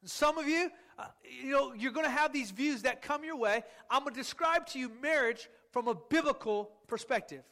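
High-voiced emphatic preacher man. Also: bright, forceful tone. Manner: emphatic, drawn-out words for stress; calls on the congregation to repeat words. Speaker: pastor. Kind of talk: sermon.

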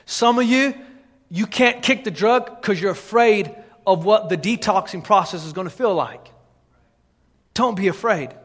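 A man preaching a sermon as pastor, building into impassioned, shouted exhortation. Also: high-pitched, unhurried. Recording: long reverb of a large hall.

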